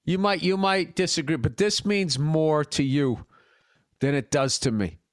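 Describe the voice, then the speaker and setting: Man, high voice, dry close sound, profane teasing sports talk. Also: unhurried, no room sound. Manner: profane, ribbing, animated storytelling. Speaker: podcast host. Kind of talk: casual sports chat.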